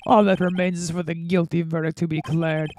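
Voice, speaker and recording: A streamer voicing a cold, arrogant older male prosecutor in a game, speaking in a low, cutting way. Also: level tone, darkish tone, lightly acted. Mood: haughty. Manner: haughty, slow, cutting. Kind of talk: reading game dialogue aloud.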